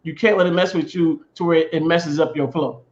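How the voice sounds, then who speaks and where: A man from the US Midwest co-hosting a casual chat, telling stories in an animated way, repeating himself and laughing. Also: fairly high pitch, brisk, reverberant, highs cut off. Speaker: podcast co-host.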